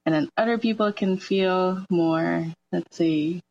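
A woman's voice: on the low side, slow pace, darkish tone, dull audio. A woman guest on a community radio show, a massage therapist speaking earnestly and sometimes searching for words. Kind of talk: radio interview. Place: radio studio.

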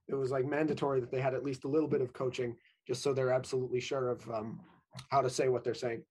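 A man's voice: medium pitch, level tone, fast, a little mellow, breathy edge. A young man, a stage actor answering interview questions briefly and modestly. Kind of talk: interview guest.

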